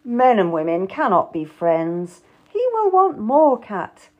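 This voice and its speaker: A woman's voice: mid-range voice, sing-song, takes it slowly, dull audio. A woman voicing an arrogant, charming young male nobleman who coaxes and gives orders. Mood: coaxing. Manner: coaxing, commanding.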